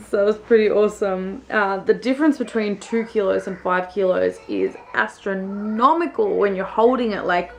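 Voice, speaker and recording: A woman's voice: mid-range voice, a little hiss or hum. A young woman with an Australian accent, chatting casually to camera in a rambling, um-filled way. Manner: chatty, rambling storytelling with frequent ums. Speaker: vlogger. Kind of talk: casual chat.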